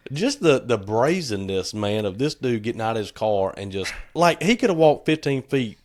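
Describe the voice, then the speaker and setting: A middle-aged man co-hosts a podcast, chatting casually and telling stories in a sing-song, mid-range voice at a moderate pace. He laughs through the funny parts and acts out the quotes.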